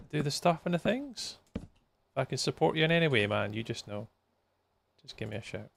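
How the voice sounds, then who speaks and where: A tired man talks through a live game stream, yawning now and then as he answers his viewers. His voice is deeply gravelly and full of fry, and it sits at an ordinary middle pitch for a man. He chats loosely and reacts to each message as it comes in. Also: slight background noise. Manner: chatty, reacts to chat messages, talks while playing.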